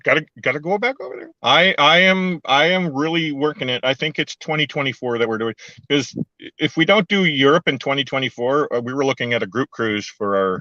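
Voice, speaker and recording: An older man from Canada chats casually and keeps breaking into giggles. His voice is bright and forceful. The sound is dry and a little dull. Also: medium pitch, expressive, a little fast, dry recording. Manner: giggly, laughs often. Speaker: co-host. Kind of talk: casual chat.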